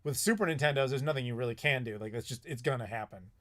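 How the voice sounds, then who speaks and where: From his home in Chicago, a man in his thirties hosts a live stream, answering chat questions in a rambling, chatty way with frequent swearing and laughter. His mid-range voice is fairly bright and he talks fast.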